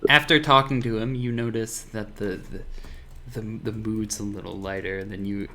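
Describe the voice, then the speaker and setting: A man's voice: lowish voice, fairly even intonation, moderate pace, sharp tone. A man narrating a tabletop game as game master, casual and hesitant, laughing often.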